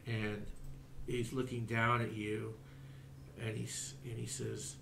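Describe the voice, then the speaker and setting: A man narrates a tabletop game as game master, halting and full of fillers. He speaks slowly, with a gravelly edge. The room echoes, and there is a faint hiss. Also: lowish voice, little pitch movement.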